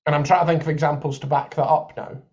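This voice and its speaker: A man's voice: on the high side, steady tone, fast talker, a little mellow, dull audio. A man co-hosting a podcast, chatting about football and thinking aloud with examples. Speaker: podcast co-host. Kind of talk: live football watchalong chat.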